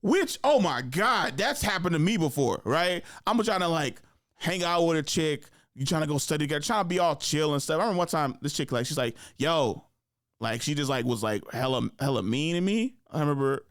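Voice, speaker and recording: A man's voice: on the high side, animated, fast talker, fairly bright tone, no echo, studio quality. A young man hosting a podcast, telling stories in a laid-back way, acting out quoted lines in a raised voice and laughing often. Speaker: podcast host. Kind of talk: casual chat.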